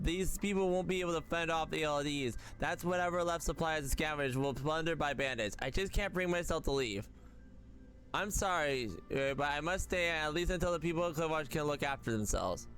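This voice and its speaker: A man reacts casually on a game stream, reading the text and narration aloud with many stumbles and self-corrections. His pitch is fairly high, his tone fairly bright and his pace fairly quick, with soft music playing beneath.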